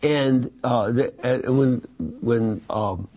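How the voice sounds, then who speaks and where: A man teaching a Bible study, reading passages and explaining them in an unhurried way with many fillers and restarts. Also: medium pitch, a little mellow, lo-fi sound.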